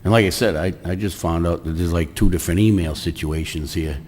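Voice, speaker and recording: Man, low voice, questioning committee member, reverberant hall recording. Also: fairly quick, darkish tone. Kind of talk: committee meeting discussion. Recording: long reverb in a meeting hall.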